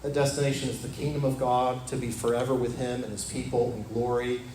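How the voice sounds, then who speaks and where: A man preaching a sermon as pastor in a church. He talks earnestly and repeats his phrases, dropping to a soft, low voice when he quotes scripture. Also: flat delivery, a little fast, slight background noise. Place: church sanctuary. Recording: echoey church room with faint ambience.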